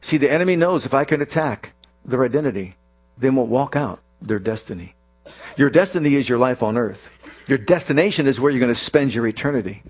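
A man's voice: medium pitch, expressive, brisk. A male preacher delivering a sermon with emphatic, repeated declarations.

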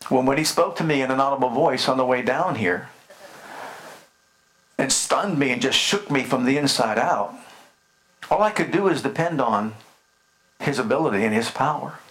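A man's voice: medium pitch, normal speed, long pauses, a bit bright. An older man, a pastor, preaching a sermon in a rhythmic style with repeated phrases and call-and-response prompts.

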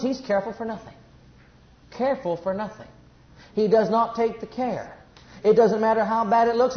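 High-pitched guy preaching hard, call and answer, muffled echoey church recording. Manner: fervent preaching, swelling loud on climaxes, rhetorical call-and-answer. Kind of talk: sermon.

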